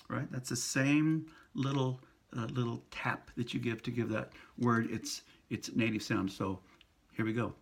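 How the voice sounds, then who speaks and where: A priest giving a casual pronunciation lesson, speaking slowly and patiently, repeating and sounding out syllables. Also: male voice, mid-range voice, steady tone, breathy edge. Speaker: priest teaching Spanish pronunciation.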